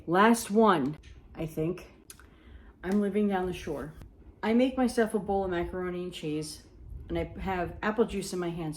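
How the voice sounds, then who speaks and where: Chatty New woman telling stories. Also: lowish voice. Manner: animated, chatty, self-mocking. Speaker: storyteller. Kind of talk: casual storytelling.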